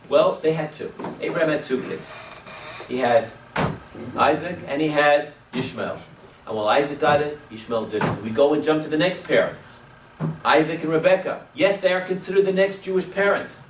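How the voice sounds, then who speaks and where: A male rabbi tells a story to his class in a high, animated voice, shifting from ringing exclamations to hushed asides. He sprinkles in Hebrew and Yiddish words. The sound is roomy and distant, with faint noise behind. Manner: dramatic, swings between loud exclamations and hushed asides. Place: synagogue classroom. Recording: echoey room, distant mic, faint noise.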